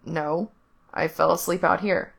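A drowsy young man murmurs softly in a storybook reading, his voice thick with sleep and kept low and gentle. He is read by a woman with a lowish voice. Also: steady tone, measured pace, vocal fry, slightly rough, exaggerated voice. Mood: sleepy hushed. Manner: quiet, sleepy.

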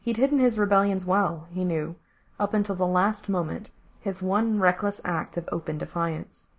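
A woman reading a story aloud, her voice sitting a little low. Her delivery is steady and measured, line by line, as she narrates.

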